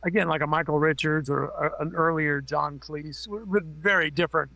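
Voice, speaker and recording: Middle-aged man, gravelly voice, slightly high, rambling anecdotes, swears, remote call. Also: steady tone, moderate pace, pushed and bright, no echo. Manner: rambling, anecdotal, profane, many fillers. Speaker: makeup effects artist guest. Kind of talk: casual interview storytelling.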